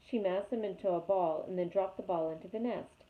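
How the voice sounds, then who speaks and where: A woman reading a chapter book aloud with lively, expressive storytelling. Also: mid-range voice, a little fast. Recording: tinny phone-like sound.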